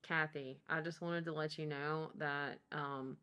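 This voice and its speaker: A woman's voice: low voice, steady tone, a little slow, sharp tone, clean tone. A woman co-hosting a casual talk show, playful and teasing, laughing often. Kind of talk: casual chat.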